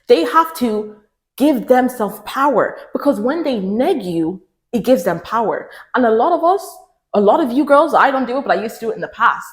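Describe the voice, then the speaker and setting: A woman's voice: animated, normal speed. Emphatic woman preaching advice, echoey room. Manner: emphatic, preachy, repeats phrases for stress; mimics others in raised pitch. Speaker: relationship advice vlogger. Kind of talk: direct-to-camera advice talk.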